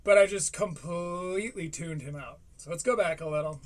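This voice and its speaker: High-voiced chatty male streamer. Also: recorded from a distance. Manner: chatty, self-deprecating, quick asides. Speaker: streamer host. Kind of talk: casual live-stream commentary.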